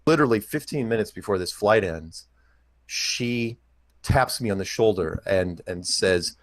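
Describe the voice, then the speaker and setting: A man's voice: fairly low pitch, expressive, a little slow, dry recording. A man telling a rambling, jokey anecdote, acting out the other people's lines. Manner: rambling, jokey, acts out quotes. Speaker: podcast host telling a story. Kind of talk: anecdotal storytelling.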